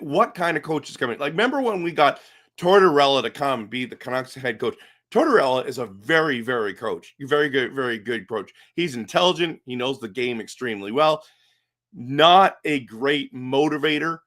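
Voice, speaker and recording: A middle-aged man talking casually on his own live stream about hockey, animated and rambling, full of restarts and rhetorical questions. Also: fairly high pitch. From Canada. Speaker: hockey fan commentator.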